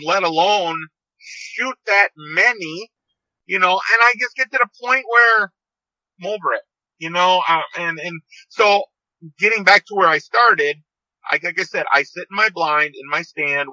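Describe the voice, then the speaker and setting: A man's voice: a little high, sharp tone, no echo. A man in his fifties, a podcast guest calling in by phone, telling stories in a rambling way that keeps repeating and restarting phrases. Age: 50s. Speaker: podcast guest, seed company owner. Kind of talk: casual storytelling interview. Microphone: phone call. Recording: dull, dry phone-call audio.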